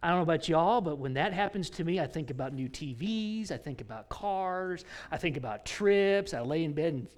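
A man preaching a sermon, telling a story with lively swings between loud emphasis and hushed whispers. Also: a little high, moderate pace, hardly any pauses. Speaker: pastor.

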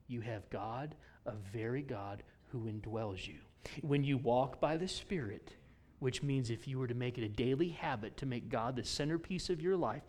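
A man preaching a sermon, telling a story with lively swings between loud emphasis and hushed whispers. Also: mid-range voice. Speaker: pastor.

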